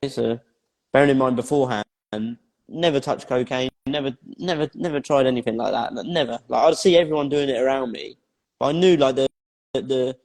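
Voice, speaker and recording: A man's voice: medium pitch, a little mellow. Blunt, swearing man in a reverberant room. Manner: blunt, heavy swearing, emphatic repetition. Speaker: interview guest and life coach. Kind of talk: personal storytelling interview. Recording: long hall reverb.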